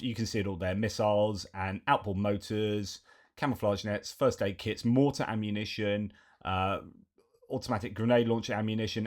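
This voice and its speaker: A man giving casual news commentary, chatty and reeling off lists with frequent fillers. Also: lowish voice.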